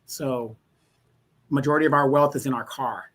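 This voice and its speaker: A man's voice: medium pitch, steady tone, normal speed, a bit bright. A man co-hosting a casual discussion, explaining points at length with frequent restarts.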